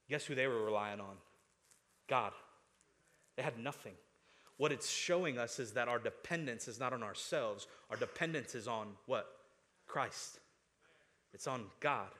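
A man delivers a sermon in a chatty, back-and-forth manner. He keeps asking the congregation questions and stumbles over repeated words as he pushes his point. His voice sits at an ordinary middle pitch. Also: fairly bright tone. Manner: conversational preaching with frequent rhetorical questions and stammered restarts. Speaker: pastor.

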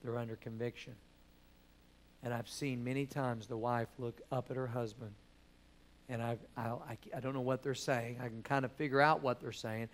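A middle-aged man preaching a sermon as pastor, swinging from hushed storytelling to loud, animated exhortation. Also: mid-range voice, normal speed.

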